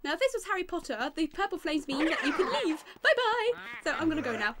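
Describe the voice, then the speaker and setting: A young British woman giving fast, excitable let's-play commentary with melodramatic outbursts, game music behind. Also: high-pitched. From Britain. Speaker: gaming YouTuber.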